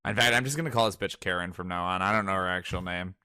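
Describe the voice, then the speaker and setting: A young man talks through manga chapters in a loose, profane rush, with a slightly low but bright, cutting voice. The sound is dry and close, with no room around it. He gets worked up and slips into mocking voices. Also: fast, clear, resonant tone, dry recording. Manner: profane, excitable, breaks into mock character voices. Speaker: podcast co-host. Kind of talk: casual chat reading manga aloud.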